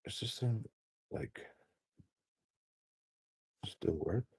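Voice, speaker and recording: A solo streamer with a low, dark, mellow and slightly husky voice talks through a casual screen-share walkthrough. He rambles and thinks aloud, drawing out words and filling his speech with fillers and restarts.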